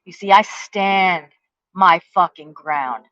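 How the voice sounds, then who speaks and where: A woman's voice: fairly low pitch, slow pace, bright, forceful tone, dry recording, muffled recording. A woman, delivering a profane, confrontational rant, taunting with rhetorical questions and heavy cursing. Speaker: vlogger. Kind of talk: angry rant to the camera.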